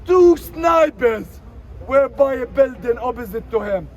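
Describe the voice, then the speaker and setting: A man giving an emotional protest speech outdoors in a city street, his voice rising to shouts. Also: very high voice, expressive, unhurried, low-quality recording. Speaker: protest speaker. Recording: outdoor crowd noise. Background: crowd of protesters.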